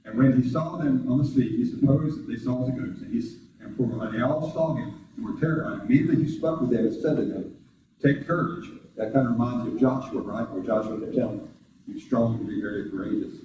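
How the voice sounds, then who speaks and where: A man preaching a sermon as pastor, talking to the congregation in a conversational way with rhetorical questions, and jumping up high in pitch when he acts out quoted voices. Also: fast talker, noisy background. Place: church sanctuary. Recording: very echoey room, voice far from the mic.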